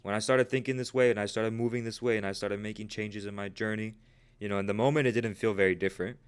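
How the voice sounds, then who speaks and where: A man's voice: fairly low pitch, steady tone, quick pace, clear, resonant tone. A man of twenty hosting a casual livestream about trading, talking earnestly and motivationally, peppering his speech with "right?" and "bro". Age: 20s.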